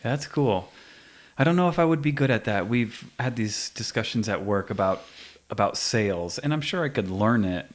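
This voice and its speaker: A man in his forties hosting a podcast, talking in a relaxed way and trailing off softly at the ends of thoughts. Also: on the low side, moderate pace. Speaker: podcast host. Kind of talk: casual conversation.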